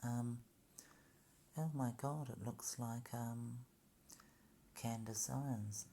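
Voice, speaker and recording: Slow gravelly man rambling sarcastically. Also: medium pitch, steady tone, dark tone, a little hiss or hum. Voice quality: halting, full of ums and mock slips.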